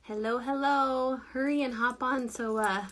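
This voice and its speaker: A woman in her thirties hosting a casual livestream, chatty and giggly, self-deprecating, sounding tired and low on energy. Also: steady tone, measured pace, fairly bright tone. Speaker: network marketing livestream host.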